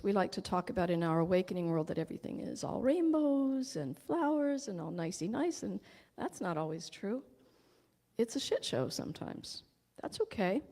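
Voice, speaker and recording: A woman's voice: mid-range voice, dark tone, long reverb tail. A woman who is a spiritual teacher and channeler, giving an enthusiastic, joyful inspirational talk.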